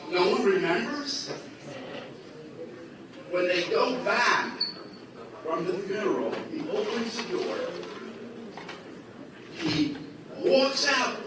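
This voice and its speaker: Lively high-voiced man telling a story in an echoey hall. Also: very slow, long pauses. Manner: acts out quoted dialogue with shifting voices. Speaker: storyteller at a religious gathering. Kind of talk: animated personal storytelling. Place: large echoey hall at a school. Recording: very echoey hall, voice from far off, noisy.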